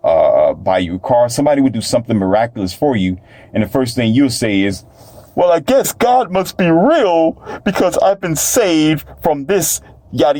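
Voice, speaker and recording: Preachy, rambling man, dark and dry. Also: on the low side, no room sound. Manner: preachy, rambling, mocking imagined doubters in raised voices. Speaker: self-published author and talk host. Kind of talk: casual monologue.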